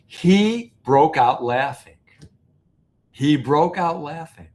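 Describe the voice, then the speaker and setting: A man, an interview guest, telling a story in a casual, halting way, full of fillers and restarts. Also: a little high. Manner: animated, laughing storyteller. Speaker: interview guest, business founder.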